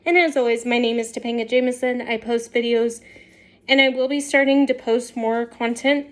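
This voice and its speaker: A woman's voice: a little high, fairly even intonation, normal speed. A woman vlogger telling a story to her viewers in a chatty way, often laughing as she talks. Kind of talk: casual storytelling to camera.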